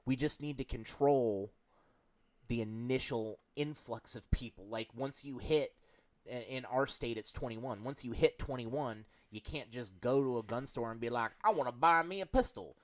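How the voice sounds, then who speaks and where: A man co-hosting a casual podcast chat, emphatic and quick to swear. His voice sits at an ordinary middle pitch. The sound is dry and close, with little room echo. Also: fairly even intonation, darkish tone. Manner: blunt, profane, emphatic. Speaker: podcast co-host.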